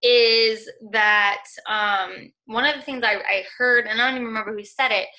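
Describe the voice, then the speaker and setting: Young female team leader, motivational call, high-ish and bright, earnest, chatty fillers. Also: fairly even intonation, normal speed. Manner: earnest, encouraging, heavy use of "like" and "y'all". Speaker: fitness coaching team leader. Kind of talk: motivational talk on a group call.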